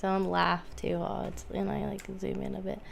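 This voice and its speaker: A woman's voice: mid-range voice, level tone, moderate pace, creaky, slight background noise. A woman chatting casually, giggling often and swearing freely. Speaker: guest. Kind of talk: casual chat.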